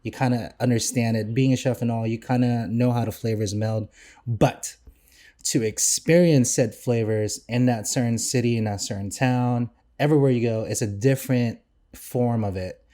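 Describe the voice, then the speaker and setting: Rambling chatty man, mellow voice. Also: mid-range voice, fairly even intonation, normal speed. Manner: rambling, enthusiastic, many fillers and restarts. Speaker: podcast co-host, chef. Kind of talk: casual podcast chat.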